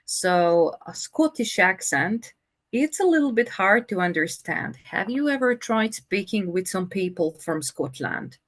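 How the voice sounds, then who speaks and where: A woman teaching an English conversation lesson, speaking slowly and patiently with many fillers. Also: mid-range voice, expressive.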